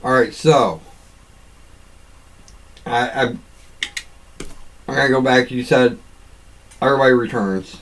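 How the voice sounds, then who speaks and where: A man's voice: mid-range voice, takes it slowly, long pauses, a bit bright, rough recording. A man co-hosting a casual podcast, mostly adding short questions and remarks. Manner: brief interjections and questions. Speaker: podcast co-host. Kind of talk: casual chat.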